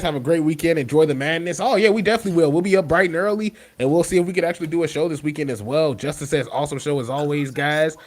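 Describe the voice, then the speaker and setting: Male podcast co-host, relaxed slangy banter, slightly raised pitch. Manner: laid-back slangy banter, reads chat comments. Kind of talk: casual wrestling chat.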